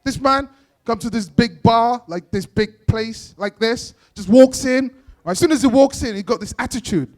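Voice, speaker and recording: A man's voice: very high voice, normal speed. A young man doing stand-up at an awards event, playfully teasing the kids in the audience in street slang. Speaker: stand-up comedian.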